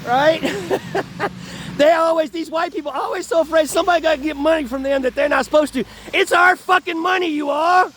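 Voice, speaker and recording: Profane man in his fifties, high voice. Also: moderate pace, fairly bright tone, slight background noise. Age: 50s. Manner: profane, rambling, laughs between phrases. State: in chronic pain. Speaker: vlogger. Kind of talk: casual rambling monologue. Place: outdoors on an urban street.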